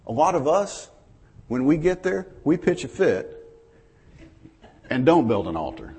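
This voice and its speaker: Guy preaching a sermon, husky voice, swoops up and down a lot, down-home storyteller. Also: mid-range voice, big pitch swings, moderate pace, pauses often, darkish tone. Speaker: pastor.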